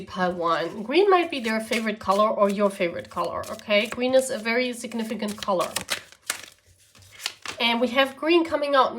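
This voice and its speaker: A woman's voice: on the high side, a bit bright, slight background noise. A woman with a German accent, German as her first language, giving a chatty pick-a-card tarot reading to her viewers. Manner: chatty, often adds "okay?" and "yeah?". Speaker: tarot reader.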